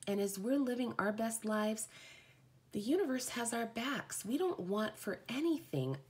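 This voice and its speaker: A woman's voice: a little high, animated, unhurried, darkish tone. Effusive woman reading oracle cards. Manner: heartfelt, effusive, rambling. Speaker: oracle card reader. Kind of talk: live spiritual card reading.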